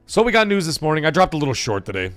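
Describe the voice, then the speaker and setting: A man's voice: on the high side, very animated, racing, a bit bright, no echo, faint music behind. A man hosting a casual live stream, rambling, swearing and saying "like" a lot. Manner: rambling, swears, heavy use of "like". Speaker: livestream host.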